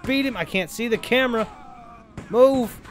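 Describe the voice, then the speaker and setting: Rambling, excitable young-sounding gamer guy. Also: very high-pitched, moderate pace, slight background noise. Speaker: gameplay commentator. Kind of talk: casual let's-play commentary.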